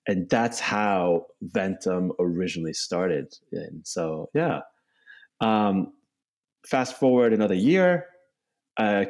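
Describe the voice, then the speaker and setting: A man's voice: low-pitched, darkish tone. A man as a company co-founder in a casual interview, talking in long loose runs full of "you know" and "right?". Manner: rambling, many "you know" and "right?" tags. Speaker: bike company co-founder, guest.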